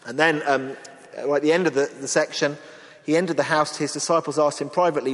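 A man preaching a sermon in an earnest, expressive way, acting out the lines he quotes. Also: a little high, fast. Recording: long reverb of a large hall.

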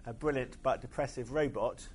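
A man's voice: mid-range voice, steady tone, fairly quick, darkish tone, a little hiss or hum. Hesitant man preaching a sermon. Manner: hesitant, many fillers.

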